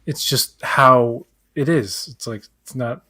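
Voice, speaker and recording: A man's voice: mid-range voice, slow, sharp tone. A man co-hosting a live pop-culture chat, rambling, acting out quotes and searching aloud for names. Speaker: co-host. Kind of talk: casual chat.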